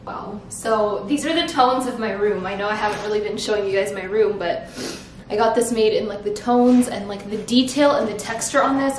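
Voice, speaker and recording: A young woman vlogging casually from home, bubbly and excitable, sometimes softly emotional. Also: fairly high pitch, roomy sound, slight background noise. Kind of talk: casual vlog chat. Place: at home, bedroom and kitchen.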